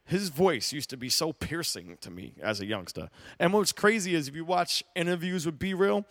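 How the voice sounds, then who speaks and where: A man's voice: on the high side, lively intonation, normal speed, a bit bright, no echo, clean studio sound. A man hosting a solo sports talk podcast, chatting loosely and rambling, swearing casually and getting heated when he argues his picks. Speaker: podcast host.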